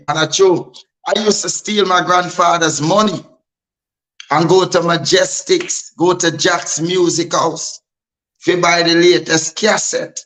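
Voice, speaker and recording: A man's voice: high voice, a bit bright, poor audio. A man from Guyana with a Guyanese Creole accent, a DJ guest speaking bluntly and emphatically in an interview. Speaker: DJ and artist guest. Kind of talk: candid interview talk.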